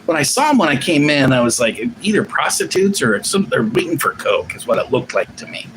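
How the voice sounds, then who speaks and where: Animated profane man rambling on stream. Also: a little high, fairly quick, slight background noise, rough recording. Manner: rambling, profane, restarts often. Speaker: live stream host. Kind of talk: casual live-stream chat.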